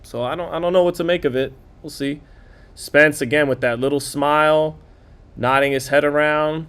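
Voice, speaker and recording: A man's voice: fairly high pitch, steady tone, a bit bright, clean tone. Chatty male live boxing commentator. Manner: casual, chatty, reads viewer comments aloud; quick play-by-play calling of punches. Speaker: boxing commentator and stream host. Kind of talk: live round-by-round fight commentary.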